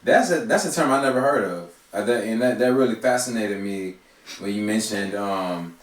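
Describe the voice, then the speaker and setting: A man's voice: fairly low pitch, moderate pace, recorded from a distance. A man interviewing a guest in a curious, hesitant way, with plenty of fillers. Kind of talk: conversational interview. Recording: echoey room, off-mic.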